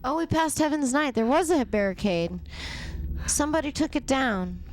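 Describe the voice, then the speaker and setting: A woman's voice: sits high, animated, normal speed, slight background noise. A young adult woman streaming a game, chatting in a rambling, casual way with many fillers. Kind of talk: casual gameplay commentary.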